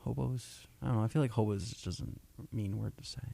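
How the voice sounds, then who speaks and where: A young man co-hosting a casual, rambling talk show, playful and quick to laugh. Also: lowish voice, vocal fry, dark tone. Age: young adult. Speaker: co-host. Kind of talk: casual chat.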